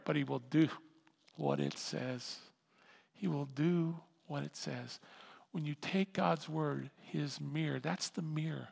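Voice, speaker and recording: A pastor delivers his sermon in a high, gravelly voice. He is animated, doubling back on words and climbing to loud emphasis. His voice rings with the long reverb of a large hall.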